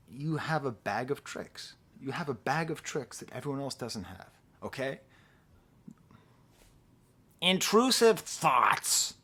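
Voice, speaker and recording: A middle-aged man giving a casual, rambling album review, animated and quick to laugh at himself. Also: mid-range voice. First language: English. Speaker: music reviewer.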